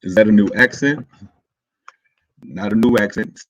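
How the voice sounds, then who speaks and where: A man hosting a casual livestream, greeting his chat with hype and friendly shout-outs before talking loosely through a walkthrough in his morning voice. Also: lowish voice, normal speed. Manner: laid-back, loose and rambling. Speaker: crypto livestream host.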